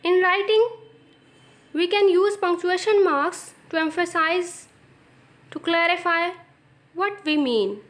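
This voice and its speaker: A woman teacher with a Pakistani English accent delivers a recorded lesson. Her voice sits high and she speaks at an unhurried, deliberate pace. She repeats key phrases to drive each point home. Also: fairly bright tone. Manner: slow, explanatory, repeats phrases for emphasis.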